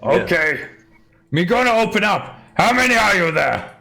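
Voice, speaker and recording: A man's voice: sing-song, moderate pace, vocal fry, bright, forceful tone, faint music behind, exaggerated voice. A man voicing a dim-witted male orc guard who speaks in broken, simple sentences. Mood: slow-witted. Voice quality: deep, broken simple speech.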